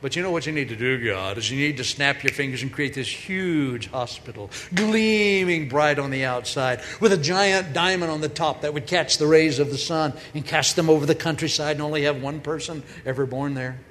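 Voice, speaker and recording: A woman's voice: sits low, normal speed, hardly any pauses. Woman preaching with comic storytelling. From grew up on a farm. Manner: lively storytelling, acts out quoted voices. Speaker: speaker, preacher. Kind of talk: humorous sermon. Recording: long hall reverb, faint noise.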